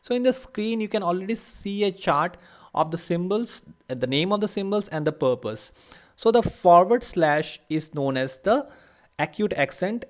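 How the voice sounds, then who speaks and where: A man giving an online literature lecture, explaining patiently and repeating terms slowly for emphasis. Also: a little high, muffled recording. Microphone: lavalier.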